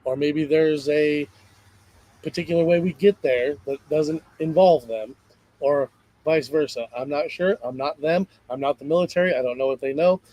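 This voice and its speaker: A man's voice: on the high side, moderate pace, mellow, low-quality recording. A man hosting a casual livestream chat, talking energetically and rambling about conspiracies. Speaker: host.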